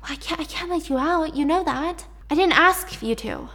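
A woman's voice: high-pitched, expressive, moderate pace, a bit bright, voice pushed up. A woman voicing a nervous young male employee who stammers and gets defensive.

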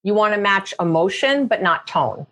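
A woman psychologist giving direct relationship advice on a podcast, animated, often acting out quoted voices. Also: medium pitch, normal speed. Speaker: psychologist guest.

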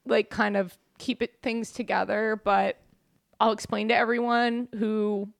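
A young woman hosting a podcast, joking around and swearing freely. Her voice sits in a middle register and is recorded dry and close, with no room in it. She talks in a loose, animated way. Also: mid-range voice, a little slow, vocal fry, dry recording. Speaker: podcast host. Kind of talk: casual chat.

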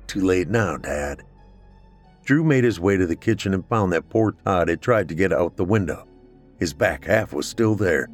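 A man narrating a scripted horror story in a steady, measured way. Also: sits low.

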